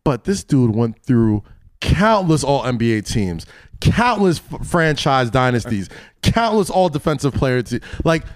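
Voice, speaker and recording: Animated, argumentative man in casual debate. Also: medium pitch, unhurried, dry recording, studio quality. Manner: animated, argumentative, restarts often.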